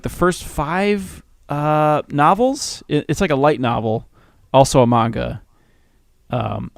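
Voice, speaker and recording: A man's voice: medium pitch, vocal fry, no echo, studio quality. A man rambling in casual podcast chat as a host, hesitant and self-deprecating, often breaking into laughs.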